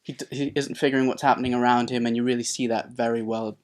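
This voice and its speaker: A man co-reviewing a film in casual chat, speaking hesitantly and agreeably with halting repeats. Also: medium pitch, little pitch movement, a little mellow.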